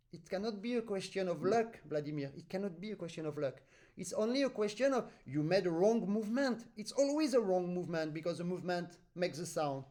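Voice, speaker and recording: High-voiced French-accented man teaching accordion. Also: expressive, moderate pace, a little mellow. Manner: patient, explains with vivid comparisons, sings out rhythms. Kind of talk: online master class. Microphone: video call.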